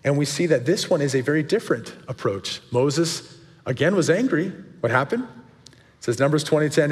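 A guest pastor preaches earnestly to a men's group, asking many questions and raising his pitch sharply for emphasis. He's animated, speaks at a normal speed, and the sound is that of a big room.

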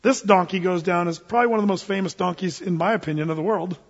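A man's voice: high voice, quick pace, breathy edge. A man preaching a sermon, earnest and folksy in manner. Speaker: pastor. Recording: dull, echoey church hall recording.

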